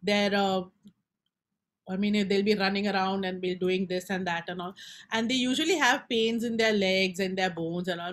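A woman's voice: mid-range voice, normal speed. A woman with an Indian English accent giving a casual spiritual talk, chatty and acting out people's inner voices. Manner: chatty, code-switching, acts out inner voices. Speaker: spiritual teacher.

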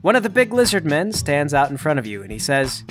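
A man narrating a tabletop role-playing game as game master, with animated, theatrical delivery. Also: fairly high pitch, a little fast, over music.

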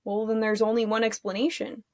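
A woman's voice: on the high side, flat delivery, fairly quick, a little mellow, no room sound, studio quality, natural voice. A woman voicing a cocky young warlock boy who teases and wisecracks in a storybook read-aloud. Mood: teasing. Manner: teasing, wisecracking.

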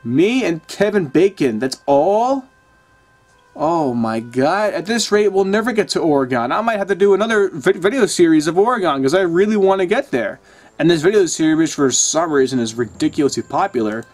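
A man's voice: fairly high pitch, lively intonation, brisk. Profane, exasperated young man gaming. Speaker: let's play gamer. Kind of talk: casual gameplay commentary.

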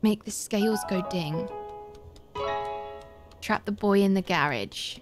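A British woman streamer chatting casually as she plays, reading out chat and getting excitable. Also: medium pitch, slow pace, over music. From Britain. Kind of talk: casual gaming commentary.

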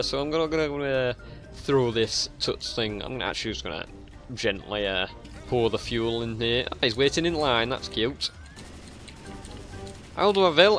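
A drunk young man giving rambling, profane commentary as he plays a video game, now and then breaking into sudden yells. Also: medium pitch, normal speed, soft background music. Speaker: gaming channel host.

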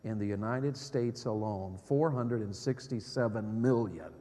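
Dynamic middle-aged male evangelist preaching. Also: measured pace. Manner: dynamic, swinging from loud exclamations to hushed low tones. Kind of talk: sermon. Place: church sanctuary. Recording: long church hall reverb.

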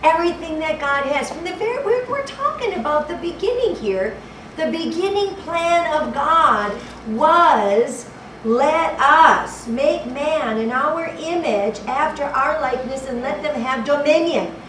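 A woman's high, bit-bright voice is expressive and unhurried as she preaches a fervent sermon in a church hall. She repeats phrases and hunts for the right verse; the echoey recording, from a distant mic, carries background noise.

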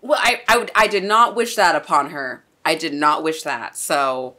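A woman's voice: deep voice, normal speed, sharp tone. A young woman hosting a casual anime reaction, chatty and exclamatory, swearing and laughing as she talks.

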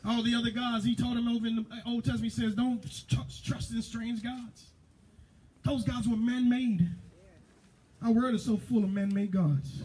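Fervent high-voiced male preacher. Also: fairly even intonation, moderate pace, poor audio. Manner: fervent call-and-response preaching, rising to shouts. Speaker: pastor. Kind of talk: sermon. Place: church sanctuary.

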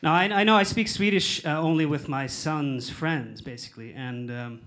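A man's voice: on the high side, moderate pace, fairly bright tone, a faint crowd. Sardonic American man doing stand-up. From United States. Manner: sardonic, profane, rambling with many fillers. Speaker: stand-up comedian. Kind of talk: stand-up comedy set. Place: comedy club stage.

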